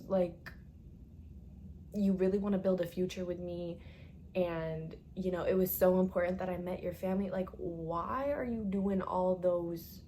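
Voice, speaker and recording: A woman's voice: lowish voice, a little hiss or hum. A young woman telling a casual storytime to her viewers, chatty and dramatic, with lots of "like" and swearing.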